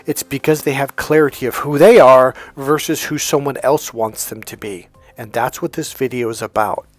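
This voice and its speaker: A man's voice: mid-range voice, fairly even intonation, moderate pace, no echo, soft background music. A man coaching in a casual motivational monologue, talking conversationally with frequent restarts and quoted dialogue. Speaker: dating and healing coach.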